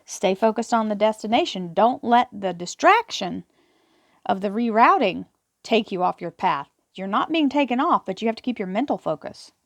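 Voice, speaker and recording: A woman's voice: mid-range voice, animated, normal speed, no echo, studio quality. A woman reading tarot affirmations and explaining them in an earnest, encouraging way, often repeating words as she talks. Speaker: tarot reader. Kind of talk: spiritual affirmation talk to camera.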